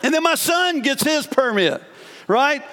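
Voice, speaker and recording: Pastor, man, 40s, very high voice, chatty storyteller in the pulpit, long church reverb. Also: a little slow. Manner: lively, conversational storytelling with asides to the congregation. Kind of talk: sermon. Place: church sanctuary.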